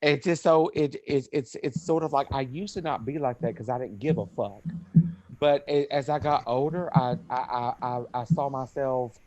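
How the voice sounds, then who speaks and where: A man's voice: mid-range voice, normal speed, a little mellow, no echo. A man in casual late-night chat with friends, rambling and often restarting his sentences. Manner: rambling, repeats and restarts a lot.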